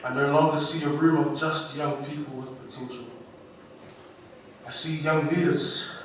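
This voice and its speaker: A man with a New Zealand accent giving an inspirational graduation speech, slow and emphatic, heard from far off through a hall's speakers. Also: on the high side, fairly even intonation, a little hiss or hum. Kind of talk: ceremonial speech. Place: large school hall. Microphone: PA microphone, recorded from the audience. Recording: echoey hall from far off.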